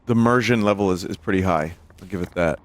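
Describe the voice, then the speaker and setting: A man in his thirties with a low-pitched voice, streaming a horror game and riffing with chat. His humor is dry and offhand, and he speaks in relaxed, conversational bursts. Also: fast talker. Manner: dry, joking, talks to chat. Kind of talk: casual gameplay commentary.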